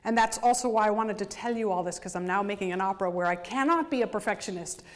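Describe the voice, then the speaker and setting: A woman composer giving a university lecture, explaining musical detail in an animated way and singing rhythms out in nonsense syllables. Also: medium pitch, quick pace.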